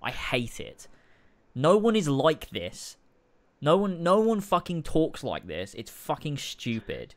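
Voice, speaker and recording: A man's voice: fairly high pitch, big pitch swings, slow pace. A man co-hosting a casual podcast, ranting with lots of swearing and restarts. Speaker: podcast co-host.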